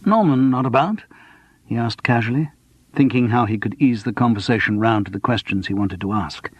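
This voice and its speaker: Husky man narrating a mystery. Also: lowish voice, steady tone, brisk, no echo. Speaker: audiobook narrator. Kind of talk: scripted narration.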